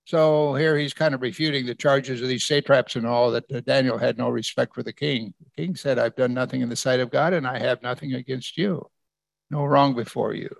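Brisk and steady, a male pastor with a mid-range voice and vocal fry preaches a conversational sermon in a dry recording. He reads verse by verse from scripture and quizzes the congregation.

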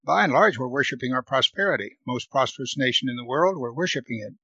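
An expressive man moves quickly through a Bible passage verse by verse, his slightly rough voice reading scripture louder and higher before he comments and repeats words for emphasis. The recording sounds muffled but has no room sound.

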